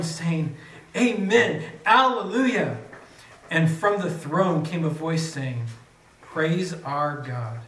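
A man's voice: a little high, fairly bright tone, a little hiss or hum. A man preaching a sermon, reading scripture aloud with dramatic rises on the quoted cries. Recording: echoey room, mic from a distance.

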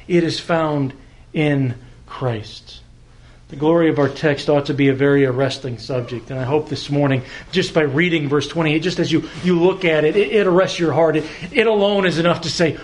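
A man preaching a sermon to a congregation, slow and emphatic, repeating words and pausing for weight. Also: sits high. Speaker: pastor. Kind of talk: expository sermon.

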